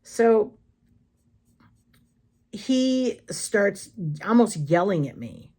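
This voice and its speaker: A woman's voice: mid-range voice, big pitch swings, very slow, darkish tone. A woman vlogger telling candid, blunt stories in a casual chat while she does crafts.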